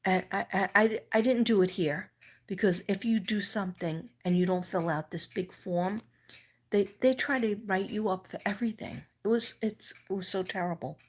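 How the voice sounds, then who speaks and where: A woman's voice: mid-range voice, moderate pace. A middle-aged woman with a New York accent, chatting casually with viewers on a livestream, rambling and restarting, sometimes dropping to a whisper. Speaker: livestream host.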